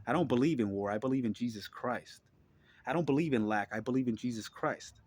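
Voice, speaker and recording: A man's voice: mid-range voice, a little fast, dry recording. A man talking straight to his audience, blunt, profane and preachy, repeating himself and asking the listener if they agree. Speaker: vlogger. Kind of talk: impassioned religious monologue.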